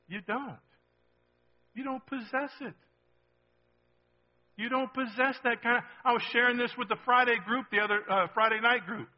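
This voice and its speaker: A high-voiced man preaching with animated, conversational energy, tossing rhetorical questions to his listeners. The sound is dull and lo-fi. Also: normal speed, long pauses. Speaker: pastor. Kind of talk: sermon.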